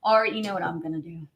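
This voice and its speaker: A woman's voice: lowish voice, noisy background. A woman hosting a live craft demo, chatty and bubbly, laughing often as she reads viewer comments.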